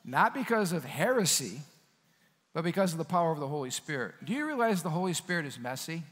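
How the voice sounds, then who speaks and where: A male pastor delivering a sermon in a church sanctuary, talking with the congregation as much as preaching to them. His voice sits high for a man. The room carries a long reverb. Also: fast talker, breathy edge. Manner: conversational, animated preaching with asides to the congregation.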